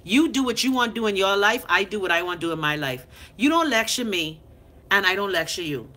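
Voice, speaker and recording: A woman's voice: medium pitch, fairly quick. A woman in her thirties with a Bahamian accent, ranting bluntly and profanely in a casual live chat while answering viewers. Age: 30s. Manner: blunt, profane, animated, talks back to commenters. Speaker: live-stream host reading comments. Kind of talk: unfiltered casual rant.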